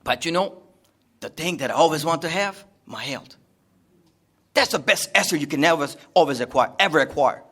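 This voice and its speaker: A man's voice: fairly high pitch, lively intonation, normal speed, a bit bright. A man giving a rambling, jokey talk to a live seminar audience, repeating himself often. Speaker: seminar speaker. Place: seminar room.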